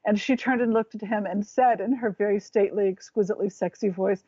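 A woman's voice: mid-range voice, fairly even intonation, brisk, warm tone, husky, no room sound, lo-fi sound. A woman talking as a guest in a casual chat, rambling and restarting as she searches for words.

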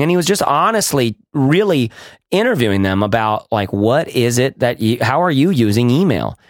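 Talking at a normal pace, this man co-hosts a relaxed podcast conversation with lots of energy. He often starts his sentences over and his pitch climbs when excitement hits, all captured in clean studio audio without echo.

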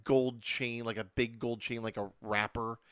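A man co-hosting a podcast, chatting casually and winding through a story with plenty of fillers. His voice sits at a middling pitch. The sound is dry and close to the mic. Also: flat delivery, normal speed, fairly bright tone, clean tone, dry recording. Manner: rambling storyteller, many fillers. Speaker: podcast co-host. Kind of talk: casual chat.

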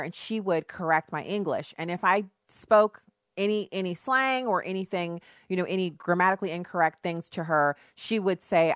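A middle-aged woman hosting a radio talk show, speaking standard American English in a chatty, animated and outspoken monologue with quick restarts. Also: lowish voice, dry recording, clean studio sound. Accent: none, standard American speech. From raised in Germany on US Army bases. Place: radio studio. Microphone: studio microphone.

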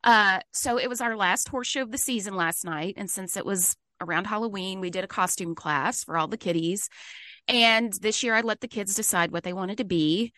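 A woman from Mississippi, co-hosting a podcast and telling a story in a chatty, animated way. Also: medium pitch, normal speed, no room sound. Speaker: podcast co-host. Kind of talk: casual chat.

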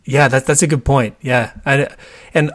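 A man co-hosting a casual chat, animated and talkative, acting out quoted voices in his stories. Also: medium pitch, moderate pace, no room sound, studio quality. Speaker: podcast co-host.

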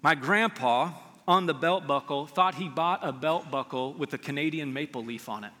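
Earnest preacher in a reverberant hall. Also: male voice, a little high, normal speed, pushed and bright. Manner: earnest storytelling preacher, rising to emphatic peaks. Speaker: pastor. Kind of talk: sermon. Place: church sanctuary.

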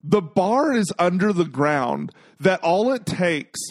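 A man's voice: high voice, very animated, slow, dry recording, clean studio sound. A man co-hosting a casual podcast, giving blunt, emphatic opinions and swearing freely. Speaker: podcast co-host. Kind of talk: casual chat.

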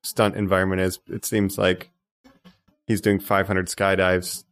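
A man's voice: low voice, monotone, unhurried, a bit bright. A man co-hosting a movie podcast, making emphatic points and mock pleas in casual chat. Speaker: podcast co-host.

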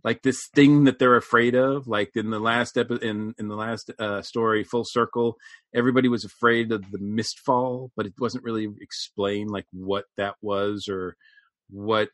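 A man's voice: lowish voice, steady tone, normal speed, a bit bright, dry recording, studio quality. A man in a casual podcast chat, talking in a meandering, easygoing way. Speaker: podcast co-host.

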